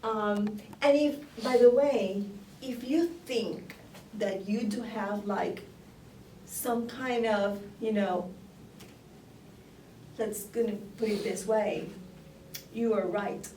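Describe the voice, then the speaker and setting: A woman speaks slowly and warmly at medium pitch, her intonation fairly even and broken by long pauses. Teaching an English conversation class that moves between English and Spanish, she patiently explains phrases, demonstrates intonation and laughs a lot, recorded from afar in an echoey room with faint noise.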